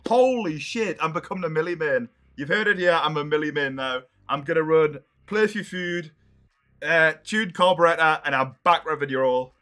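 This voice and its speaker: A man's voice: fairly high pitch, moderate pace, pushed and bright. A young man reacting on a live stream, exasperated and swearing as he thinks aloud.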